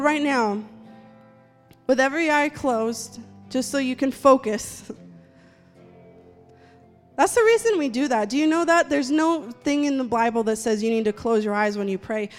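A woman's voice: sits high, unhurried. A woman preaching a sermon and leading prayer in a church, speaking with fervent conviction. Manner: fervent, rising to loud praying. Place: church sanctuary. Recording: long hall reverb, faint music.

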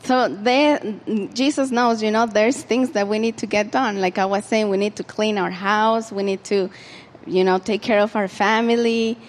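A woman's voice: mid-range voice, fairly even intonation, normal speed, in a large hall, a little hiss or hum. A woman preaching an informal sermon in a conversational way, with frequent fillers and restarts.

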